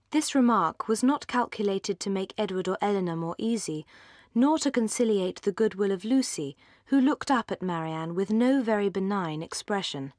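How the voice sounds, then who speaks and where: A woman narrating an audiobook of a classic novel in a measured, articulate reading. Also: medium pitch, expressive, a little mellow, no echo, studio quality. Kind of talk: scripted narration.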